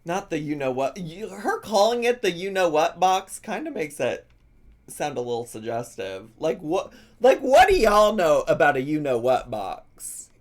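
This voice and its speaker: A man's voice: fairly high pitch, very animated, unhurried. A man giving casual, playful live-stream commentary on a video, laughing often and drawing out words in mock pronunciations. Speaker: reaction streamer.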